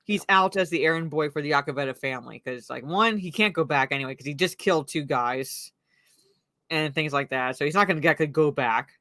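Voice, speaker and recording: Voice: medium pitch, brisk, pushed and bright, no room sound. A podcast co-host in casual movie discussion, rambling with lots of "like" and restarts. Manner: rambling, heavy use of "like".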